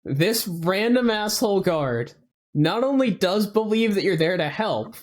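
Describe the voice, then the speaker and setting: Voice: mid-range voice, animated, measured pace. A laid-back game master who narrates in a rambling, swear-peppered way. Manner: loose and rambling, full of "like" and casual swearing.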